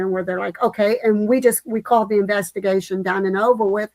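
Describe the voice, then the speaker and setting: A woman hosting a casual live-stream chat, telling a story in an animated way and quoting what others said. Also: mid-range voice, fairly quick, no room sound, low-quality recording. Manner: animated storytelling with quoted voices. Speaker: livestream host.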